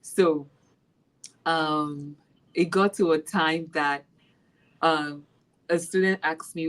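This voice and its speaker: A Nigerian woman and maths teacher, telling classroom stories in an interview with lively laughter. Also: sits low, slow, long pauses, rough recording. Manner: animated storyteller, laughs while retelling classroom moments. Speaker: special education maths teacher. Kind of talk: casual interview.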